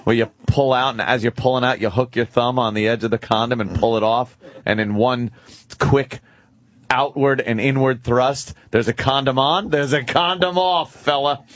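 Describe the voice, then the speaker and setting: A man co-hosting a radio show, tossing off crude wisecracks in a mid-pitched, even voice. His asides land deadpan. The audio is dry and a little dull, as from a muffled studio line. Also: normal speed, no echo. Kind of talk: crude casual radio banter.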